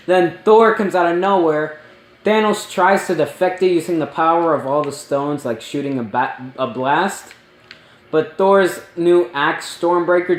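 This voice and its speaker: A man talks through a movie in a casual spoiler review, slowly and a little high, with many ums and likes. His voice rings in a roomy, echoey space. He rambles and gets excited as he goes. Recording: roomy echo.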